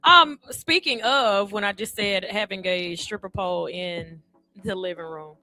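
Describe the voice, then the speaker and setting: A woman's voice: medium pitch, pushed and bright. A woman, hosting a talk radio show and speaking candidly and chattily straight to her listeners. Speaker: radio host. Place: radio studio.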